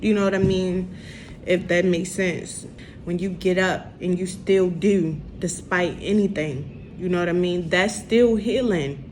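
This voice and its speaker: A young woman, speaking slowly and haltingly in an emotional confessional vlog. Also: fairly low pitch, a little mellow, a little hiss or hum. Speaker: vlogger.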